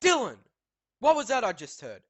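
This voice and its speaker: A teenage boy putting on the voice of a strict, nagging female schoolteacher who scolds in a shrill, raised voice. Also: wildly swooping pitch, normal speed, fairly bright tone, heavily acted. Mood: scolding.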